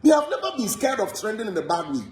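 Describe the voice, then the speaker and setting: Animated Ghanaian man in an echoey room. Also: high voice, fast. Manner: animated, repetitive, code-switching rant. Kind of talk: heated gossip monologue.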